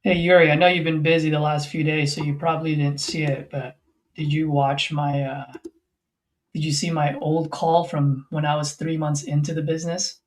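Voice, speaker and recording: Man, livestream guest, slightly high voice, easygoing, self-deprecating jokes, computer mic. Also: level tone, moderate pace, poor audio. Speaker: guest sales closer. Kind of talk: casual livestream chat.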